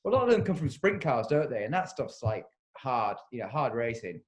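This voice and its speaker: A man hosting a podcast in casual chat, agreeable and quick to back up his guest. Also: medium pitch, very animated. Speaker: podcast host.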